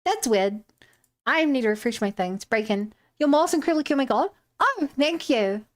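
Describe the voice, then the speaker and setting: Brief: a young woman streamer with a high voice, casual and rambling, full of "um"s as she chats. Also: animated, normal speed. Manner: chatty and rambling, greets viewers, many "um"s and restarts. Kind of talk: casual live-stream chat while drawing and rigging.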